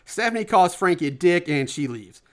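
A man's voice: sits high, expressive, moderate pace, a bit bright, clean tone. A man casually recapping a horror movie plot as a podcast co-host, laughing often and swearing freely. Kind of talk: casual chat.

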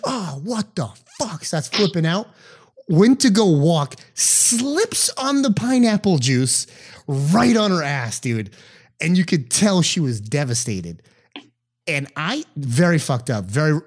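A man's voice: fairly high pitch, normal speed. A young man, co-hosting a podcast and telling stories in casual chat, acting out the people he quotes and swearing freely. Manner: animated storyteller, acts out quotes, swears freely. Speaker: podcast co-host.

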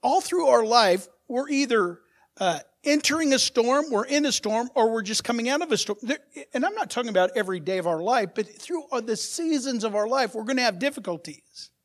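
A pastor delivers a sermon, throwing rhetorical questions at his congregation and lurching between quiet asides and loud, forceful outbursts. His voice is very high-pitched and brisk, with lively intonation.

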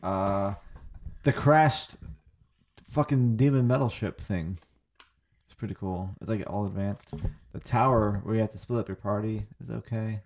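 A man's voice: on the low side, a little slow, pauses often, a little mellow. A tipsy man co-hosting a casual podcast chat, rambling and swearing freely as he talks about games. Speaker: podcast co-host.

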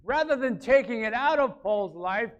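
A man's voice: extremely high pitch, animated, normal speed, dull audio. A man preaching a conversational sermon, repeating phrases and rising to emphatic peaks. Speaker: pastor.

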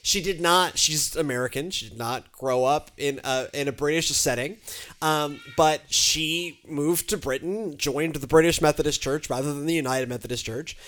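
A woman from Texas, a pastor co-hosting a podcast, talking in a chatty, animated way with many fillers and restarts. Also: low voice, normal speed. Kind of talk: casual chat.

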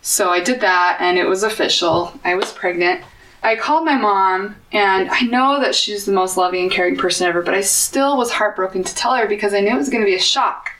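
A woman's voice: mid-range voice, fairly quick, a bit bright, distant mic. A young woman, an interview guest, telling a personal story in an earnest, open way. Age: young adult. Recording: echoey room, voice a bit off-mic.

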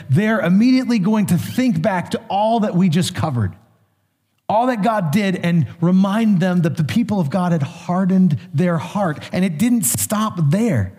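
A man's voice: sits high, mellow. Man preaching in a reverberant hall. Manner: conversational retelling of scripture with small restarts. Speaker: pastor. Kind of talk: sermon.

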